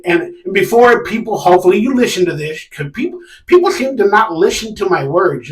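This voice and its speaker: A man's voice: sits high, far from the mic. A man hosting a sports fan live stream, ranting casually and animatedly with sarcastic, exasperated outbursts. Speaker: sports fan channel host. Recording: echoey room, a bit off mic.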